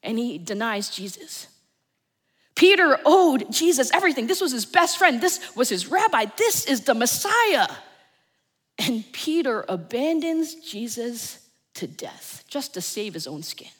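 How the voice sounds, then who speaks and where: Woman preacher, New Jersey accent, fairly high voice, dramatic storytelling, long echoing church reverb. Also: very animated, unhurried, breathy edge. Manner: storytelling, dramatic swings in loudness. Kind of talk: sermon.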